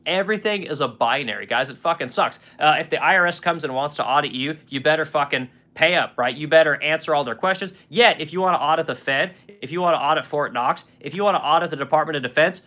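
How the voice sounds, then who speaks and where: Fast-talking, profane man in his forties. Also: a little high, bright, forceful tone. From United States. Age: 40s. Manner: blunt, profane, rambling with fillers and rhetorical questions. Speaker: livestream host reading chat comments. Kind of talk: casual political rant.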